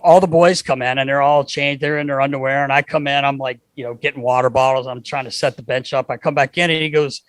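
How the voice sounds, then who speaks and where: A middle-aged man co-hosting a podcast, telling an animated story, acting out voices and swearing freely. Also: mid-range voice, fast, few pauses, clean tone, no room sound. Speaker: podcast co-host.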